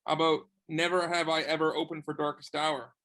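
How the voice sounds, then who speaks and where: A man co-hosting a band interview, reading out game questions in a relaxed, casual way. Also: fairly high pitch, brisk, rough recording. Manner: relaxed, reads questions aloud. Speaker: co-host running a drinking game round.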